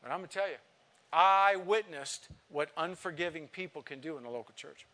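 Man preaching, bit high voice, tells his story then gets loud and pushy about it. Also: a little fast. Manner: storytelling, emotional, rising to emphatic exhortation. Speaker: visiting pastor. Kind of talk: sermon.

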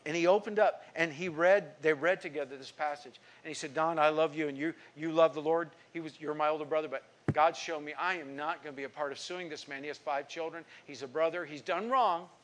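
A middle-aged man preaching with a slightly high voice. He tells a story and voices its people, pushing some lines hard and dropping others to a near hush. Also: steady tone, brisk, hardly any pauses. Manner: storytelling, acting out quoted speech; emphatic preaching with sudden drops to quiet. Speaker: pastor. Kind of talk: sermon.

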